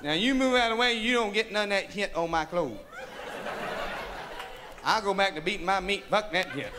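Male stand-up comic, high voice, profane and rowdy, on a crackly live-club record. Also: moderate pace. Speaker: stand-up comedian. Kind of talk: crude stand-up comedy. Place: nightclub stage. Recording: live club audience, noisy vinyl.

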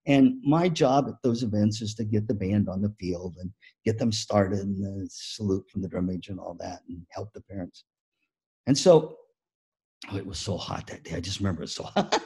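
Mellow husky man giving a keynote. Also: lowish voice, normal speed. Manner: animated storytelling with acted-out quotes. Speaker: keynote speaker. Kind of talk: conference keynote talk.

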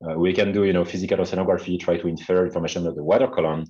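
A man's voice: low-pitched, steady tone, racing, a little mellow. A man with a French accent, a non-native English speaker, giving a seminar talk with many hesitant fillers over a video call. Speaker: guest speaker. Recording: dull lo-fi video call audio.

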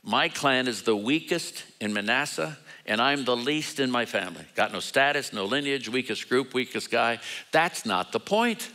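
A man's voice: mid-range voice, expressive, moderate pace, bright, forceful tone, poor audio. An older man delivering a sermon, telling stories in a conversational way and acting out the voices in quoted dialogue. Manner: conversational, acts out voices in quoted dialogue, self-deprecating humor. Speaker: guest preacher. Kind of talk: sermon with storytelling.

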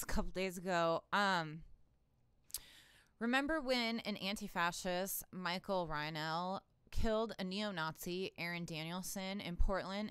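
A woman's voice: mid-range voice, fairly bright tone, clear, resonant tone, no room sound. A woman hosting her own political commentary channel, ranting in an irritated, sarcastic way with plenty of profanity and exasperated laughs.

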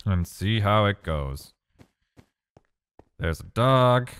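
This let's play gamer has a lowish, smooth voice and talks very slowly. He gives casual commentary on his gameplay, animatedly exclaiming and talking to himself as he plays.

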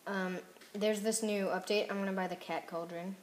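A woman giving casual gameplay commentary as a YouTuber, mostly murmuring softly, then blurting out excited reactions. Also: medium pitch, moderate pace, slight background noise. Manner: soft mumbling with sudden excited outbursts. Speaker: gaming YouTuber.

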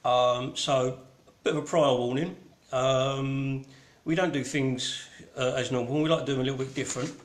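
A man's voice: mid-range voice, fairly even intonation, normal speed, echoey room. A man with a Cockney accent hosting an online gallery show in casual, rambling, irreverent chat full of ums. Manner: rambling and irreverent, with many ums and mild swearing. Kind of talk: casual live-stream chat.

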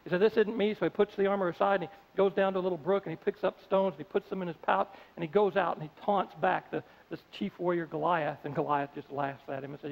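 Man, pastor, sermon, storytelling, high voice, dull audio, long hall echo. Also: steady tone, fast, vocal fry, hardly any pauses. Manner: storytelling, acts out characters, conversational.

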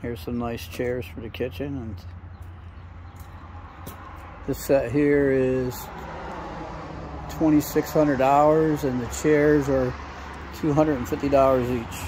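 A man's voice: mid-range voice, steady tone, a little slow. Plain-spoken man touring a store outdoors. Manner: plain, matter-of-fact price listing. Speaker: camera operator and co-host. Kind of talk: casual walkthrough narration. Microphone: handheld camera mic. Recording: outdoor street noise. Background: traffic and outdoor noise.

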